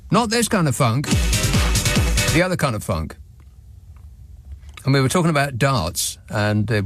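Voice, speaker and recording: A man hosting a radio phone-in, reading listener messages in a dry, sardonic way with wry chuckles. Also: on the low side. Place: radio studio. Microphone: studio microphone.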